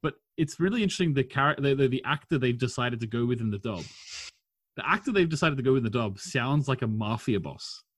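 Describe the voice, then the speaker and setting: A man's voice: medium pitch, expressive, fast, dry recording. Guy hosting a chill podcast, chatty, laughs a lot, dry close mic. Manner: chatty, laughs often, reads out listener comments. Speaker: podcast host. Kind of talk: casual chat.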